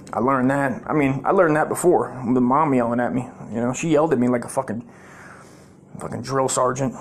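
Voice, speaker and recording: A man's voice: medium pitch, vocal fry. A middle-aged man, telling a rambling, profane comic story. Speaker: comedic storyteller.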